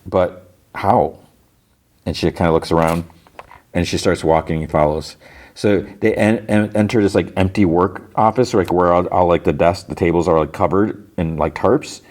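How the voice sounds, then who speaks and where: A deep-voiced man hosts a podcast and walks through an episode scene by scene. He talks casually, stringing along fillers like "like" and restarting his sentences as he goes. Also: normal speed, darkish tone. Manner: rambling retelling of scenes, heavy use of "like". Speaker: podcast host.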